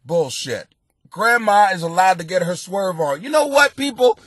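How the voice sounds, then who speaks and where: A middle-aged man hosting a comedic advice podcast, rowdy and profane, often breaking into loud laughter. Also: high-pitched, animated, moderate pace, no echo. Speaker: podcast host giving advice.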